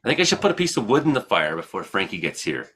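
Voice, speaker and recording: A man's voice: on the low side, sing-song, quick pace, sharp tone, slightly rough. A man hosting a casual live-streamed weather comedy show, joking and self-mocking as he talks. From Canada. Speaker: host.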